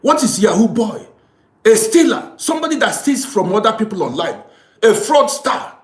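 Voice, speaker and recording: Male commentator, preachy and repetitive, lively delivery, roomy echo. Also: high voice, moderate pace. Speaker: social commentator. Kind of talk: impassioned moral monologue.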